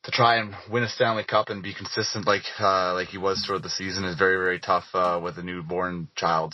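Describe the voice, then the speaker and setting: A man's voice: low-pitched, flat delivery, brisk, hardly any pauses, no room sound, highs cut off. A man leaving a rambling voicemail for a podcast, filling his talk with ums and uhs. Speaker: voicemail caller.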